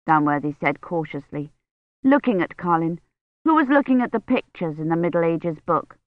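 A narrator reading a novel aloud in a measured, even storytelling voice. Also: medium pitch, no echo. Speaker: audiobook narrator. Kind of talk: scripted audiobook narration. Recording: dry, dull lo-fi recording.

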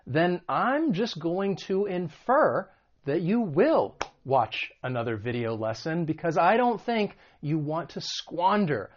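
A man's voice: fairly high pitch, very animated, slow pace, a little hiss or hum. A man with a slightly raised voice teaches English vocabulary in an online video lesson. He explains each word patiently with examples. The recording is a touch muffled and dull.

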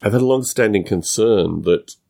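Male podcast host with a non-American English accent, solo monologue, low and gravelly, thinks aloud with restarts. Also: darkish tone. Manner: musing, halting, with frequent restarts.

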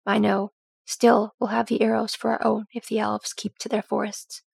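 A practical dwarf queen who works a forge speaks with dry wit, read by a woman. Her voice is gravelly and husky, and it comes across calm and even. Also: mid-range voice, normal speed, no echo. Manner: dry, wry.

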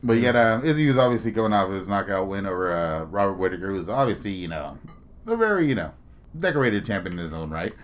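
A man's voice: low-pitched, lively intonation, quick pace. A young man co-hosting a casual sports chat podcast, blunt and profane, often laughing. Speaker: podcast co-host.

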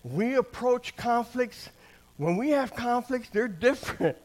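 A man's voice: very high-pitched, animated, measured pace, a little mellow. An older man giving a conversational sermon and personal testimony, plain-spoken, often checking in with the congregation and restarting his phrases. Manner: keeps asking the crowd "amen?" and "right?". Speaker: church speaker sharing testimony.

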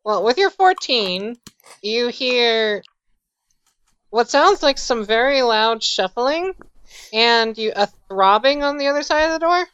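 High-pitched woman running the game, plain matter-of-fact delivery; dull, dry, muffled audio. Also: lively intonation, a little slow, a bit bright, clean tone. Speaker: game master. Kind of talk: narrating a tabletop game.

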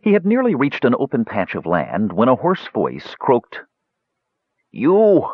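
A man narrating a fantasy audiobook in a measured, expressive reading. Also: mid-range voice, breathy edge, no room sound. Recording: dull lo-fi dry recording.

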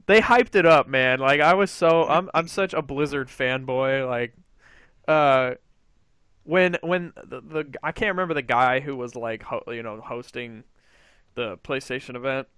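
Brief: man, gaming podcast host, excitable, swears, smooth dry close-mic voice. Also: mid-range voice, measured pace, no room sound. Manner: excitable, swears freely, acts out quotes. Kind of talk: casual gaming podcast chat.

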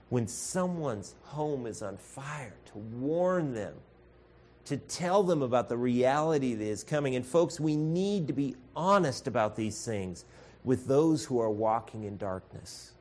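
A man preaching a sermon as pastor, earnest and direct, calling his listeners folks. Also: mid-range voice. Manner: earnest, addresses congregation as folks, acts out shouted voices.

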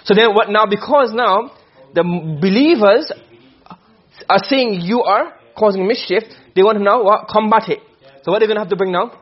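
A man's voice: high-pitched, moderate pace, slightly rough. A man teaching a classroom lesson on Quranic rhetoric, asking questions and answering them himself. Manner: asks and answers his own questions. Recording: dull lo-fi recording.

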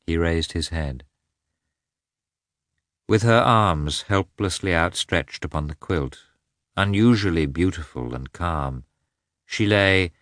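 A man giving a slow, expressive scripted reading of a novel as an audiobook narrator. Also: low-pitched, no room sound, studio quality.

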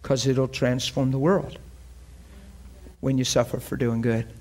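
A man preaching a sermon, animated and emotional, acting out scripture scenes and breaking into laughter. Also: mid-range voice, measured pace.

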